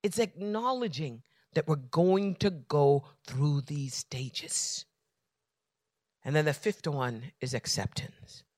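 High-voiced preacher swinging from whisper to shout. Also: male voice, slow, dry recording, studio quality. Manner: repetitive preaching cadence. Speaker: pastor. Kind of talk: sermon.

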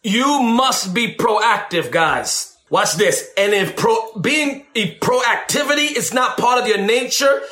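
A man preaching on deliverance, animated and emphatic, who acts out shouting ministers and calls his listeners baby. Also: very high voice, slow pace, few pauses, reverberant. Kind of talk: sermon.

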